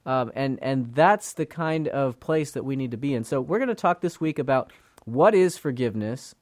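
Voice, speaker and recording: A man's voice: mid-range voice, animated, normal speed, dry recording. A man hosting a Bible teaching program, talking earnestly and conversationally with fillers and small restarts.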